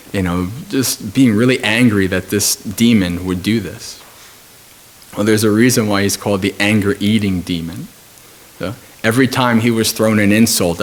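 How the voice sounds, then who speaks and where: A Buddhist monk with a fairly low voice delivers a dharma talk at a retreat, calm and measured. While telling a story he pauses often, filling the gaps with soft hesitations.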